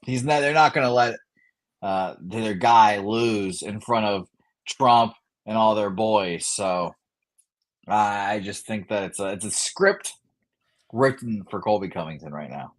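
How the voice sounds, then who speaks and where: A man on a live betting stream gives blunt, dry opinions and stops often on "uh". His voice sits somewhat low. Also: a little slow. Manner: blunt and dry, with many hesitations. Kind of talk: casual live stream chat.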